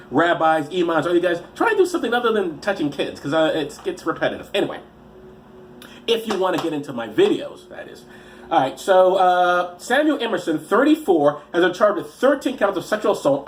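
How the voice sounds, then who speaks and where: A man's voice: high-pitched, a little hiss or hum. A man with a cold and an American accent, hosting a comedy show where he reads news stories aloud in a rambling, sarcastic way with many restarts. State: has a cold. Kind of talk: comedic news-story reading.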